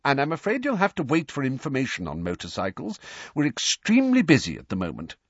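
Man doing a fussy, high-voiced harried wizard. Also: wildly swooping pitch, moderate pace, breathy edge, no echo, exaggerated voice. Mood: cool, hurried. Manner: fussy and apologetic, raised high voice. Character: flustered, harried middle-aged male wizard official. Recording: dull, dry lo-fi recording.

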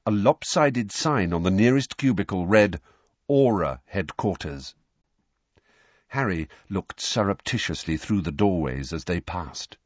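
Husky, low-voiced male storybook narrator. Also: moderate pace, hardly any pauses, no echo. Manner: expressive storytelling with lively pitch. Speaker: audiobook narrator. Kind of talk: audiobook narration. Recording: dull, dry lo-fi recording.

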